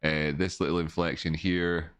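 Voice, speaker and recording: A man's voice: sits low, level tone, normal speed, clean tone, dry recording. A man, rambling through casual live-stream chart analysis from home, repeating words and chatting with viewers. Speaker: livestream market analyst.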